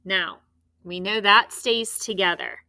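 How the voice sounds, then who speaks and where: A woman leads a recorded phonics lesson, sounding out and spelling words at an unhurried pace. Her voice is bright and clear. She is patient and encouraging as she checks the answers. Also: mid-range voice, fairly even intonation. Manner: patient, encouraging, slow dictation. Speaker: teacher.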